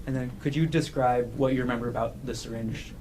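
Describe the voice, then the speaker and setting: A man questioning a witness in a courtroom, asking measured, formal questions. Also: mid-range voice, steady tone, a little mellow, slight background noise. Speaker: prosecutor.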